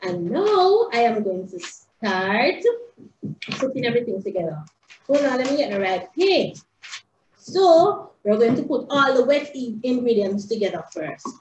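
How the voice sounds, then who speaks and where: A woman teaching young children in a sing-song, excitable way, recorded indoors. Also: on the high side, unhurried, a little hiss or hum. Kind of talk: animated lesson for young children. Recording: roomy, slightly dull home video.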